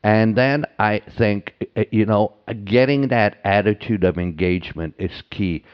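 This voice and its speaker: Low, smooth-voiced man telling stories. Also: a little slow, muffled recording. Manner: anecdotal, acts out quoted dialogue, frequent "right?". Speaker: marketing consultant, guest. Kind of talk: casual interview chat.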